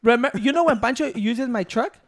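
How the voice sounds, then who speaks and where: Quick man trading profane banter. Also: extremely high pitch. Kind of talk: casual chat.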